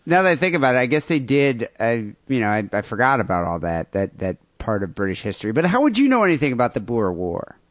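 A man's voice: medium pitch, very animated, fast talker, few pauses, no room sound. A man co-hosting a crude podcast, reading listener emails and rambling sarcastically. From United States. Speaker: podcast co-host.

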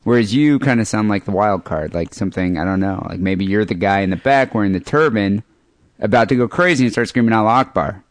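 A man's voice: on the low side, fairly quick, dry recording. A man hosting a podcast, chatting casually with a sardonic, teasing manner. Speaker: podcast host. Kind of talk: casual chat.

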